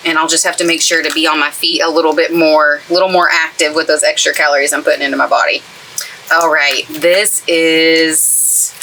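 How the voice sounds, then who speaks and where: A woman with an East Texas accent talks her way through a craft project, bright and crisp in tone, her pitch sitting a little low. She gushes happily and chats as she works with her hands. A faint hiss of room noise sits under her voice in the trailer craft space. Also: rough recording. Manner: chatty and gushing, talks while working with her hands. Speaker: craft YouTuber. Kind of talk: casual crafting tutorial chat. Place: craft space inside a toy hauler trailer.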